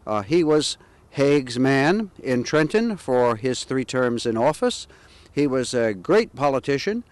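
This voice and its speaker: A man sharing historical anecdotes about local politicians in a measured, pausing way. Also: mid-range voice, clean tone, dry recording. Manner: measured, anecdotal with frequent "uh" pauses. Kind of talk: historical storytelling.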